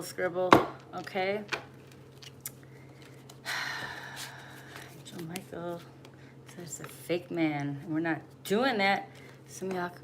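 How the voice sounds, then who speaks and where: A woman's voice: on the low side, fairly bright tone. A woman giving a spiritual message in a casual livestream, blunt and preachy, swearing freely. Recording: noisy home recording.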